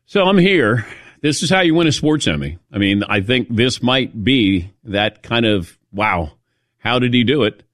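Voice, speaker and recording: A man hosting a sports talk show in casual chat, telling a self-mocking story in a lively way and acting out the quotes, into a studio mic. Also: mid-range voice, a little slow, dry recording.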